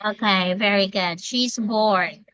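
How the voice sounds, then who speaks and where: A woman's voice: mid-range voice, slow, fairly bright tone, no echo, muffled recording. A woman teaching English to a young child one-on-one, patiently coaxing and repeating her prompts.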